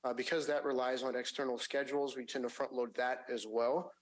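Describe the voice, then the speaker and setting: A man's voice: medium pitch, little pitch movement, poor audio. Man presenting financials at a public meeting. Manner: measured, frequent fillers and restarts. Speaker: agency finance staff presenting a report. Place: public agency meeting room.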